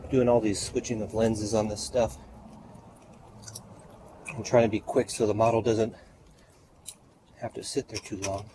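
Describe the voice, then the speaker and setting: A man's voice: medium pitch, darkish tone, slight background noise, rough recording. A man photographing a model outdoors, out of breath, counting off shots and giving short directions. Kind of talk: on-location shoot commentary. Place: outdoors by a street.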